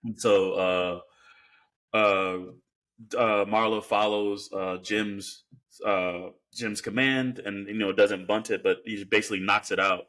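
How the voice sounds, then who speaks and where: A man's voice: on the low side, fairly even intonation, a little slow, fairly bright tone. A man co-hosting a podcast, recapping a film in a rambling, casual way with lots of fillers. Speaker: podcast co-host. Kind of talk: casual film review chat.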